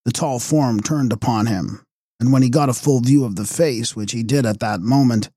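A male audiobook narrator reads a gothic novel with measured drama. His voice is dark and mellow with some huskiness, and the recording is dry and close. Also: medium pitch, husky, no echo.

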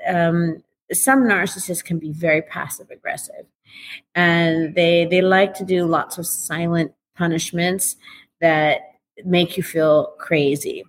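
A middle-aged woman with a fairly low voice talks as an interview guest. She is animated and often slips into little voices to act out conversations. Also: slow pace, a little hiss or hum. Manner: animated, acts out dialogue with shifting voices. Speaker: guest, recovery author.

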